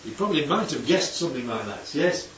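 A man's voice: a little high, very animated, fast, a bit bright, a little hiss or hum. A man preaching a conversational sermon, often throwing rhetorical questions at his listeners. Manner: chatty, asks the congregation rhetorical questions. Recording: echoey hall, distant, dull mic.

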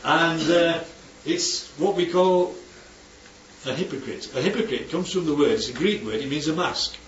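A man with a slightly high voice, talking at normal speed, leads an informal Bible teaching for a group, often asking questions and checking that listeners follow. The recording is distant, dull and roomy, with faint noise.

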